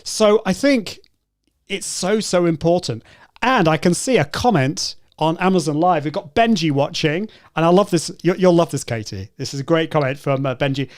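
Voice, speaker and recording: Male host, slightly high voice, friendly and chatty. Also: expressive, normal speed. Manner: friendly, chatty, reads viewer comments. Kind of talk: casual live-stream chat.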